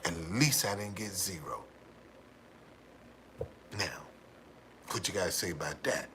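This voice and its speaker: A man's voice: low voice, lively intonation, unhurried, bright, forceful tone, a little hiss or hum. A man hosting a livestream, telling a rambling story to his viewers, repeating words and laughing often. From United States. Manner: gives frequent hearty laughs. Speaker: livestream host.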